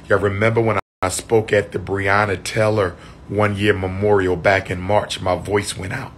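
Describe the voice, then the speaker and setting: A man chatting on a livestream, losing his voice, repeating shout-outs to his viewers. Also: low voice, level tone, moderate pace, slight background noise. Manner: repetitive, call-and-response shout-outs to viewers. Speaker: livestream host. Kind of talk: casual livestream chat.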